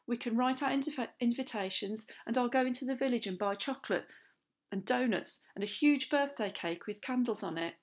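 A woman voicing a kind, middle-aged father who teases and gently encourages his son. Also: on the high side, a little fast, pitched above the performer's own voice, close to an everyday voice. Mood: encouraging. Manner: warm, teasing, gently encouraging.

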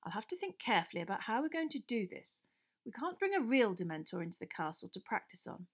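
Lupin, a calm kindly teacher, read by a woman. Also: fairly high pitch. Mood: patient. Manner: measured, patient explaining. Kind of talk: audiobook character voice.

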